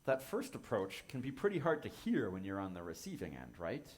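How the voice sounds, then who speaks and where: Gentle, low-voiced male minister. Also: wildly swooping pitch. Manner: gentle, measured, reflective. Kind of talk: sermon.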